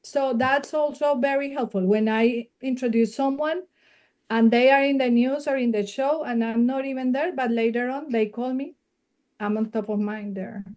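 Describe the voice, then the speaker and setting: A woman's voice: high-pitched, steady tone, moderate pace, darkish tone. A woman with a Spanish accent, a non-native English speaker, talking earnestly as a guest media coach in a casual podcast interview and laughing readily.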